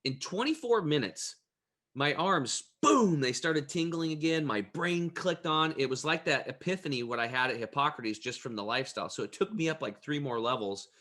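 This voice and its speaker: A man speaking as an interview guest, an energetic, emphatic and plain-spoken storyteller. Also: fairly high pitch, normal speed.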